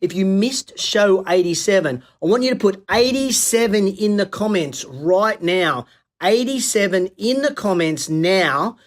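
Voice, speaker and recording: A middle-aged Australian man hosting a live-streamed business show, chatty and coach-like, greeting viewers by name with folksy slang. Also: sits high.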